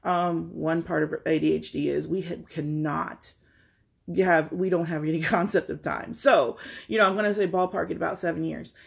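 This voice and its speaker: This middle-aged woman has a deep, creaky voice with a steady tone and moderate pace. Chatting casually, she animatedly retells a frustrating errand, mimicking what other people said with exasperation.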